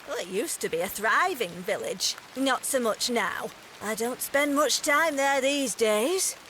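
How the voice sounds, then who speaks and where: A prying old crone. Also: female voice, fairly high pitch, expressive, a bit bright, a little hiss or hum. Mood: wary. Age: older. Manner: blunt, prying, slow and drawn-out. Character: suspicious nosy old village woman. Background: game music and rain.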